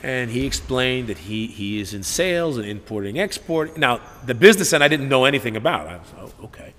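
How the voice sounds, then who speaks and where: A man, a gym owner and coach telling stories in a casual, profane, animated interview, acting out what people said. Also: medium pitch, a little fast. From Newark, New Jersey. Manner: profane, animated storyteller who acts out quotes. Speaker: gym owner and head coach, podcast guest. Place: martial arts gym. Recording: reverberant room with faint background noise.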